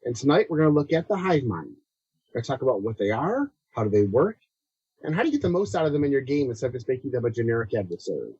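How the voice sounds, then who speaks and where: Husky man co-host on a dull mic. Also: mid-range voice, big pitch swings, racing, darkish tone, dry recording. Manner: introduces topics, brief agreeing asides. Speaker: podcast co-host. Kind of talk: casual chat.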